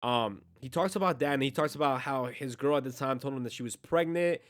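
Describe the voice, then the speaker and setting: A man's voice: medium pitch, a little fast. A man hosting a music reaction video, talking casually and earnestly in slang, emotionally moved by the track. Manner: slangy, earnest, keeps saying "bro" and "man".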